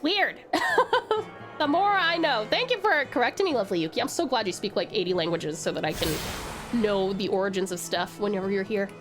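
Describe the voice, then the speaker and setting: A woman's voice: mid-range voice, animated, brisk. A young woman streaming a game, bubbly and affectionate as she thanks her chat and curses now and then. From Tasmania, Australia. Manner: bubbly, affectionate, swears casually. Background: game music.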